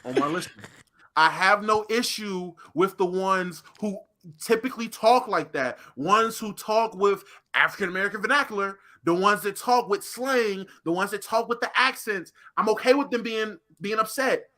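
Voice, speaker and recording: A man's voice: high-pitched, normal speed, bright, forceful tone. A man co-hosting a podcast, ranting emphatically and swearing often in casual chat. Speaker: podcast co-host.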